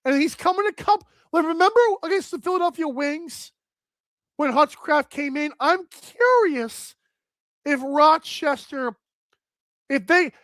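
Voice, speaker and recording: A woman hosting a live sports talk stream, chatting casually and thinking out loud with lots of filler words as she addresses viewers. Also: high-pitched, animated, unhurried, no room sound. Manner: chatty, thinks aloud with many "like"s, addresses chat. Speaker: sports talk show host.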